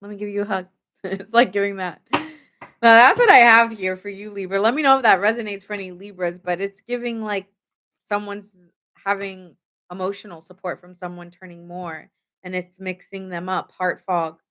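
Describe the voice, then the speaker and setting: A woman reads tarot cards in a loose, talkative way, speaking right to her viewers. Her voice sits at an ordinary middle pitch, and her sentences run on with "like" scattered through them. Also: moderate pace, a bit bright. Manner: chatty, lots of "like" fillers, talks straight to viewers. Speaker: tarot reader. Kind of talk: casual live tarot reading.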